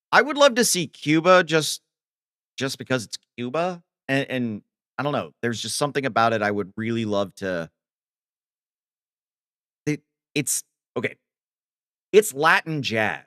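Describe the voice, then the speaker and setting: Lively bright-voiced man chatting on stream. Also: medium pitch, dry recording, clean studio sound. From Ohio. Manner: rambling, reads chat aloud and answers with quick laughs. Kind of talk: casual live-stream chat while coding.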